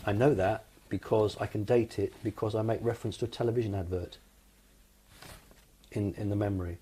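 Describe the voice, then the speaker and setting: British guest, low dark husky voice, matter-of-fact telling. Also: male voice, fairly even intonation, a little fast. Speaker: interview guest. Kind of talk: recounting personal experiences.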